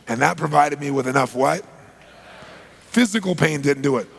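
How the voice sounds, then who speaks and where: A man's voice: mid-range voice, normal speed, creaky, breathy edge, big-room sound. A man giving a motivational seminar talk, telling stories and quizzing the audience. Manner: storytelling, asks the audience questions. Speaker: seminar speaker.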